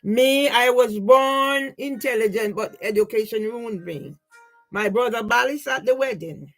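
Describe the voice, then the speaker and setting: A woman's voice: on the high side, a little slow, soft background music, low-quality recording. An older woman talking casually through her personal photos in a rambling, grieving way, often checking in with the listener. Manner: rambling, repeatedly asks "yeah?"; grieving, aggrieved. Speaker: vlogger.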